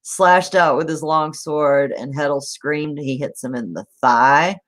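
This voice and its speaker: A woman with a notably low voice talks slowly through a story, pausing often and filling gaps with fillers. Her retelling is loose and chatty, with laughs scattered through it. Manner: retells scenes with frequent ums and laughs. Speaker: podcast co-host. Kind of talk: casual book discussion.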